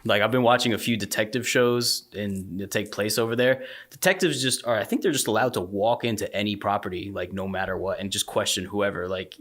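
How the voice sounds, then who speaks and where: A man's voice: fairly low pitch, brisk, few pauses, a bit bright. A man co-hosting a casual podcast, who throws in short quips and reactions and now and then talks at length. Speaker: podcast co-host. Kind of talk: casual chat.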